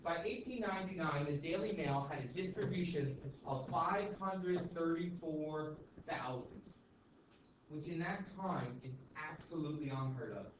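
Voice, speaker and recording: A man's voice: on the high side, a little slow. A male teacher lecturing a class in a casual, chatty way, checking in with "okay?" and "right?" all the time. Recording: echoey classroom, far mic, dull and noisy.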